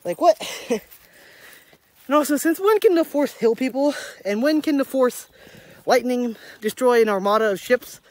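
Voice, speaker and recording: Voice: mid-range voice, lively intonation, moderate pace, a little mellow. Breathless young vlogger rambling outdoors. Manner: rambling, chuckling often, groping for names. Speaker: daily vlogger. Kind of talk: casual rambling movie review. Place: outdoors on a rural property, walking a dog.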